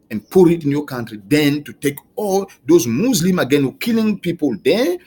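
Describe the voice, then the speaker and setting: A man delivering an impassioned monologue to camera, pleading and questioning with halting restarts and repeated words. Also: on the high side, a little mellow, a little hiss or hum. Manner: heated, pleading, repetitive questioning.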